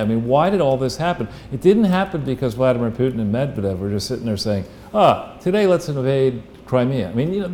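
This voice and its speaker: A man's voice: medium pitch, mellow, a little hiss or hum. A man giving casual political analysis as a guest, talking bluntly with restarts and the odd profanity.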